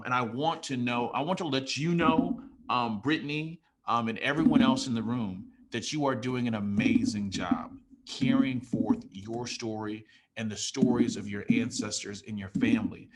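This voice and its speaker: A man's voice: medium pitch, fairly bright tone. A man hosting a student poetry event, emotional and encouraging as he speaks to the performers. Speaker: host.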